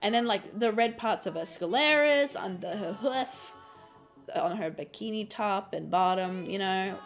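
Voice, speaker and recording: A woman's voice: mid-range voice, unhurried, soft background music. A woman from Australia. She streams and chats casually while explaining her digital painting, giggling and repeating phrases, a bit under the weather and coughing. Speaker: streamer and artist.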